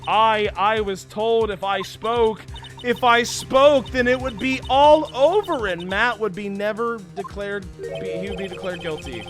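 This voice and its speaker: A man voicing a frightened young female courtroom witness, pleading in a halting, nervous way over game music. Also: high-pitched. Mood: scared.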